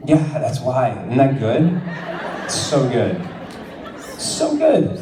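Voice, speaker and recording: This New Jersey man's medium-pitched voice swings hugely in pitch while he speaks slowly, answering fans as a guest actor on a convention panel. The Q&A is casual and full of teasing, jokes, and frequent laughter, heard through a distant mic amid the echo and crowd noise of a big hall.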